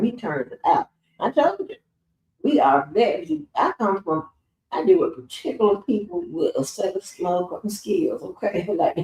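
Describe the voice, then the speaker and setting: A stream host with a low, slightly mellow voice swears and laughs through stories on her casual livestream. The recording sounds roomy, with the mic placed at a distance.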